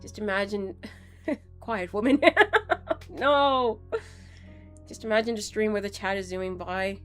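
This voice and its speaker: A woman's voice: medium pitch, a little slow, faint music behind. A young woman streaming a game, chatting casually and rambling with playful asides. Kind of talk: casual gaming stream chat.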